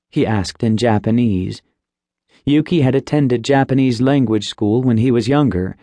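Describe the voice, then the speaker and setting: A man narrating an audiobook in a steady, plain storytelling voice. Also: medium pitch, moderate pace, no echo. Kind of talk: scripted narration. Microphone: close studio mic.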